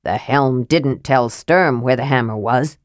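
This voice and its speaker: A woman voicing a stubborn, gruff old male dwarf who grumbles testily. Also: a bass voice, unhurried, no room sound, clean studio sound, pitched below the performer's own voice. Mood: testy.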